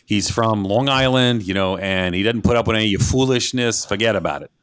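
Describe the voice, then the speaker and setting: A man's voice: lowish voice, a bit bright, clean tone, no echo, studio quality, close to an everyday voice. A man putting on the voice of his father, a brash, no-nonsense older man from Long Island. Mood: gruff. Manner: fast, blustery tough-guy talk.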